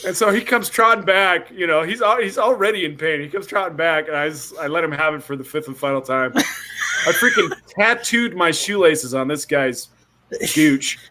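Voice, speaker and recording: A young man hosting a podcast, telling a story with lots of acted-out quotes and big jumps in pitch. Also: normal speed, bright, forceful tone. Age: young adult. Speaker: podcast host. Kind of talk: animated storytelling.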